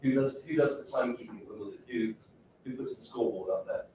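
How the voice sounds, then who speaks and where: A man's voice: medium pitch, fast, darkish tone, slight background noise. A man giving a university lecture, rambling and asking the students lots of questions. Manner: rambling, self-interrupting, asks rhetorical questions. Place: lecture room. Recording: echoey lecture hall from far off, dull sound.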